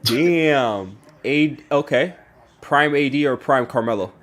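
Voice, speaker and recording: A man's voice: mid-range voice, slow pace. A man hosting a casual sports podcast, asking the questions, laughing often and stumbling over repeated words.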